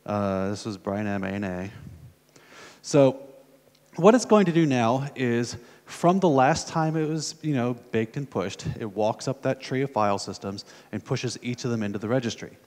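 A man's voice: medium pitch, expressive, normal speed, a little mellow. An American man at a conference, talking casually through a live coding demo and thinking aloud as he types. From United States. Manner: casual, thinking aloud while typing, many fillers. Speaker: conference speaker. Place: conference hall. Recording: long hall reverb from a conference room.

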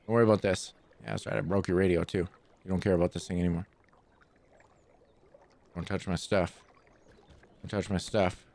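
A man hosting a gaming channel, giving playful, excitable let's play commentary full of trash talk. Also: low voice, moderate pace, creaky, long pauses, slight background noise.

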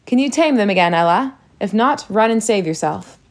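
A woman's voice: mid-range voice, lively intonation, normal speed, natural voice. A woman reading as an earnest young prince.

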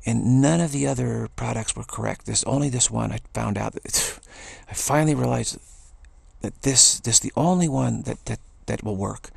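A man's voice: mid-range voice, moderate pace, vocal fry, husky, no echo. A man giving an earnest spiritual talk, repeating key phrases and restarting sentences as he goes. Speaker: spiritual speaker.

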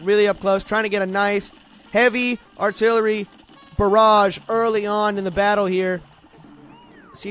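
High-voiced joking gamer man. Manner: jokey, rambling, sudden loud outbursts at failures. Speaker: let's play host. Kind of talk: casual gameplay commentary.

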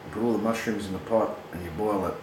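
A middle-aged Australian man casually telling a drug story, swearing often, animated and laughing at his own yarn. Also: on the low side, quick pace. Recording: echoey room with clear background noise.

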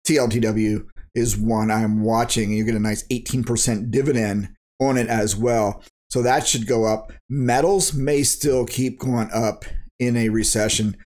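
A man's voice: medium pitch, darkish tone. A man recording a crypto vlog, talking in a blunt, worked-up rant full of slang and sound effects. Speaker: crypto YouTuber. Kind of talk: ranting market commentary vlog.

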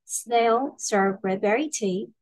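A woman librarian narrating a children's picture book aloud in a clear storytelling manner. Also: mid-range voice, slow pace, a little mellow, dry recording.

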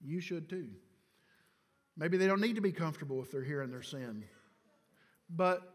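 A man pastor preaching a sermon to his congregation. He moves between hushed, quiet stretches and shouted climaxes, and often calls on the people directly for a response. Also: a little high. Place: church sanctuary. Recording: church hall reverb.

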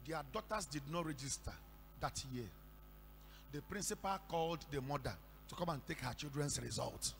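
Nigerian pastor shouting in an echoey hall. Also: male voice, fairly high pitch, normal speed, creaky. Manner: storytelling with sudden shouted declarations. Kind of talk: sermon. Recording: echoey hall with faint hum.

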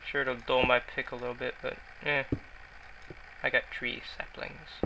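A man's voice: mid-range voice, little pitch movement, unhurried, vocal fry, noisy background. A man giving rambling, self-mocking commentary while he plays a video game, often mumbling to himself. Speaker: gaming YouTuber. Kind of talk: casual Let's Play commentary.

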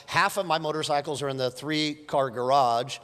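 A man's voice: a little high, steady tone, normal speed, fairly bright tone, in a large hall. A man preaching a sermon as pastor, moving from a casual story to fervent exhortation. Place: large church hall.

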